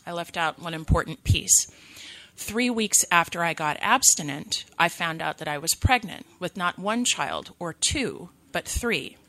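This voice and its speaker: A woman in her thirties from California gives a personal recovery testimony at a meeting. Her voice sits low but has a sharp, forceful edge. She is candid and full of self-deprecating humor. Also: lively intonation, measured pace.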